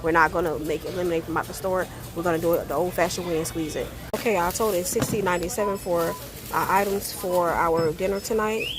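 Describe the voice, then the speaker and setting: A woman's voice: on the low side, steady tone, fairly quick. A woman chatting casually through a home cooking vlog, folksy and talking straight to viewers. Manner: chatty, folksy, calls viewers baby and y'all.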